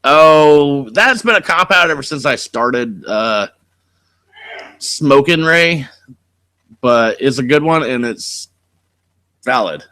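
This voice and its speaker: Bright-voiced laid-back male stoner host. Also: mid-range voice, lively intonation, takes it slowly, pauses often. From California. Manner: rambling, laid-back storytelling with frequent swearing. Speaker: channel host. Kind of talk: casual live-stream chat. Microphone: desk mic.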